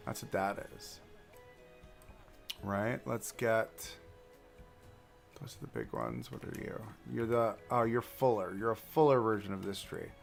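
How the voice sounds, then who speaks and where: Gravelly man chatting over a game. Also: fairly low pitch, animated, measured pace, pauses often, faint music behind. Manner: rambling, talks to himself and objects in the game. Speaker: livestream host building a theme park. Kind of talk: casual gameplay commentary.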